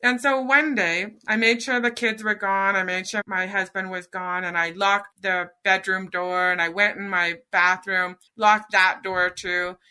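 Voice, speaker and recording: A middle-aged woman speaks as a podcast guest, her voice strikingly bright and forward. She tells a personal story with earnest feeling, acting out her own inner dialogue as she goes. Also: medium pitch, steady tone, unhurried, few pauses, smooth.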